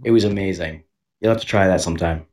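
A man's voice: low-pitched, fast talker, a little mellow. A man co-hosting a podcast in crude, joking chat, stumbling over repeated words and laughing often. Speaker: podcast co-host. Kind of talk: crude comedic banter.

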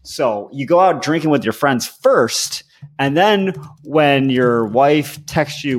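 A man's voice: mid-range voice, lively intonation, unhurried. A man co-hosting a podcast, joking in casual chat and steering the talk along. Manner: joking, keeps the show moving. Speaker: podcast co-host.

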